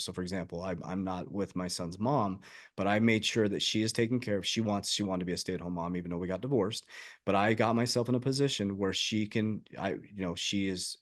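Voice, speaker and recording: A man with a lowish voice speaks on a podcast conversation. He talks like the life coach he is, earnest and emphatic, driving his points home through personal stories.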